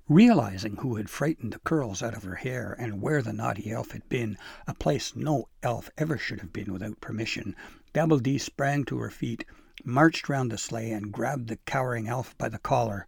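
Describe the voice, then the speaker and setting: Creaky-voiced man reading a storybook. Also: medium pitch, normal speed, a little mellow, no room sound, studio quality. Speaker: narrator.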